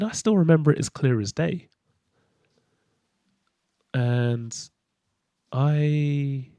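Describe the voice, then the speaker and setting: A man's voice: medium pitch, creaky, a little mellow, no echo, studio quality. A middle-aged man speaking a candid, hesitant personal monologue as a podcast host, with fillers and restarts.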